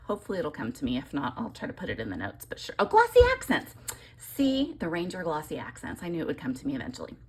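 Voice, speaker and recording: A woman's voice: a bass voice, lively intonation, very fast, hardly any pauses, slight background noise. A woman chatting casually while demonstrating a papercraft technique, rambling and self-deprecating. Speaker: papercraft tutorial host.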